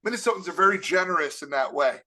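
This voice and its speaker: A man gives a lively, funny keynote talk. His voice sits high for a man, and its tone is bright and forceful. He keeps things animated and slips into quick jokes. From Long Island, New York. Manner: animated, jokey, with quick impressions. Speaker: keynote speaker. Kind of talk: comedic motivational keynote.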